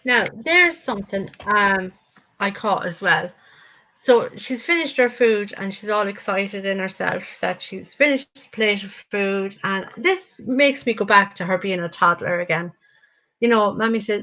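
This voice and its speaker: A woman's voice: mid-range voice, measured pace, pushed and bright. A woman hosting a reaction commentary, speaking reflectively and a little hesitantly. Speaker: host. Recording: dull lo-fi recording.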